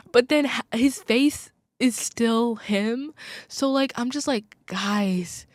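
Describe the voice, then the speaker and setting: A young woman hosting a college radio podcast, chatting casually and gushing about movies with lots of fillers and quick asides. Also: on the high side, no echo, studio quality. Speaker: podcast host. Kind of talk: casual chat.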